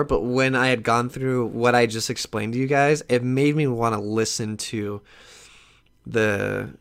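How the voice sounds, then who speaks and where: A young man hosts his own solo podcast, talking casually in an earnest, rambling way and restarting often. His voice is mid-range and a bit bright.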